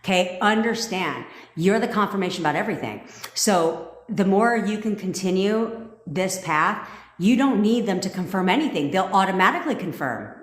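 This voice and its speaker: A woman coaching viewers on a casual livestream, blunt and profane and quick to laugh as she greets people and cheers them on. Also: medium pitch, lively intonation, reverberant. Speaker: manifestation coach hosting a livestream.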